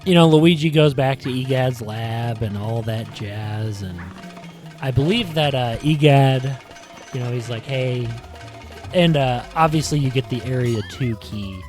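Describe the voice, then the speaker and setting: With a darkish, mid-range voice and faint music in the background, a male podcast host talks at an unhurried pace. He rambles through a casual retrospective monologue in front of a green screen, frequently saying "like" and "you know."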